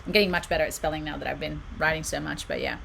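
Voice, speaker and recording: A woman on the lower side of the usual pitch range leads a casual livestream card reading from a room at home. Her tone is bright and sharp. She chats freely, reads out viewer comments and giggles often. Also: fairly even intonation, rapid-fire, creaky, a little hiss or hum. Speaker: oracle card reader and channel host. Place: home room with her books on shelves behind.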